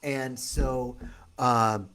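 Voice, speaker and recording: A man's voice: medium pitch, fairly even intonation, extremely slow, a bit bright, slight background noise. A man hosting a loose, upbeat live stream, greeting viewers by name as he talks. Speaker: retreat host. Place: outdoor retreat in tropical setting.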